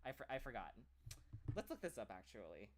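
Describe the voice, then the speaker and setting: An American man chats casually and rambles, filling his sentences with "like" and stopping to restart them. His voice sits at an ordinary middle pitch for a man. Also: wildly swooping pitch, brisk, slight background noise. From United States. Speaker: streamer.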